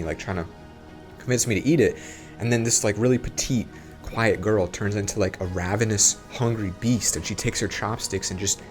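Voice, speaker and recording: A young man hosting a casual commentary vlog, talking in an animated way with exaggerated disgust and chatty asides. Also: fairly low pitch. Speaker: YouTube host.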